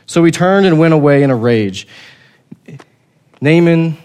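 Guy preaching, acts out the characters, repeats words a lot, voice a bit on the high side. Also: a little slow, long pauses. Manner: animated storytelling, acting out the characters; repeats words while finding the thought. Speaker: pastor. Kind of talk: sermon.

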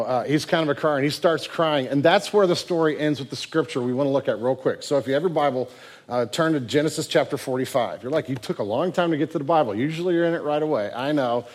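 A man preaching a sermon, telling a Bible story in an animated way and acting out its voices. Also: medium pitch. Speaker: pastor.

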